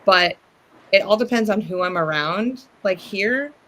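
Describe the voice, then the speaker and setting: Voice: medium pitch, expressive, unhurried, a bit bright. Rambling adult with a Northern US twang. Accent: Northern US with Southern drift. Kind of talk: casual chat.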